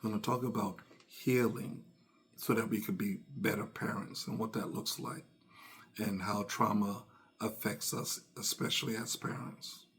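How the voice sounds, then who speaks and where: A man's voice: on the low side, fairly even intonation, a little slow, fairly bright tone. Earnest man telling a parenting story. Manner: earnest, repeats phrases, acts out quoted dialogue. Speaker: podcast host. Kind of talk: reflective personal talk.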